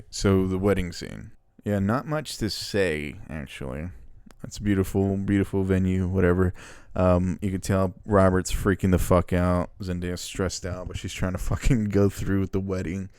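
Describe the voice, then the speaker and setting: A man's voice: deep voice, darkish tone, smooth, no room sound, clean studio sound. A man recapping a film in a casual, rambling way, swearing often and sounding exasperated. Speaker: movie reviewer.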